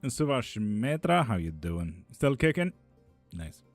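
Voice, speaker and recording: A man with a mid-range, sing-song voice hosts a live stream, reading chat questions and answering them a little slowly in a loose, joking, profane way, laughing often. Soft music plays in the background, and he's in an indoor room with a fan running.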